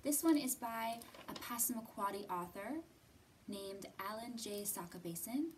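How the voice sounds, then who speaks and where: A young woman hosts a library storytime for small children, speaking slowly and patiently. She coaxes with sing-song questions and now and then sinks to a whisper. She sits a little back from the mic, with a faint hiss behind her. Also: a little high, expressive, distant mic. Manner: gentle, coaxing, sing-song questions to kids. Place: library room.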